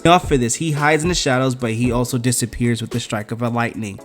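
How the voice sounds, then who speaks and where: A man, a comic book reviewer, chatting through a casual, animated retelling of a comic. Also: medium pitch, fast talker, soft background music.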